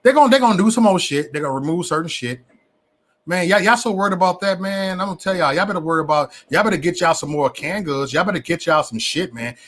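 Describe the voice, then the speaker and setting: A man hosts a casual livestream into a webcam or phone mic, ranting with slang and preacher-like repetition. His voice sits on the higher side, and he stumbles over restarts as he gets worked up. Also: animated, fast, a bit bright. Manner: repeats words and stammers on restarts. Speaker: livestream host.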